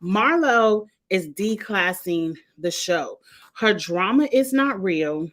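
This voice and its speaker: A woman's voice: medium pitch, takes it slowly. Sassy woman ranting about a show. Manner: animated, sassy, exasperated commentary. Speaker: reality TV reviewer. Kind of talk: casual recap rant.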